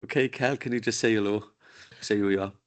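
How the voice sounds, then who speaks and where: A man's voice: fairly low pitch, fairly even intonation, quick pace. A man chairing a council committee meeting. He speaks in an informal, joking way, with the sound of a desk microphone in a meeting room.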